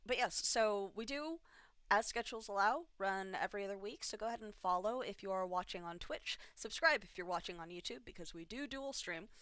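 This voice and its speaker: A woman's voice: mid-range voice, sharp tone, smooth, no room sound. A tired woman running a tabletop game livestream on a home mic, rambling and self-deprecating with many fillers. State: tired from little sleep. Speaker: game master. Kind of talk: livestream announcements and recap.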